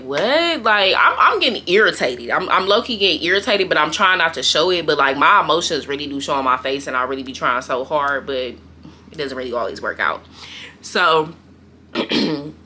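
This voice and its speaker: Young woman, bright edgy tone, lowish voice, slangy storytime chat, animated with lots of fillers. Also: moderate pace, pauses often, slight background noise. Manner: animated, slangy, frequent fillers and quoted asides. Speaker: storytime vlogger.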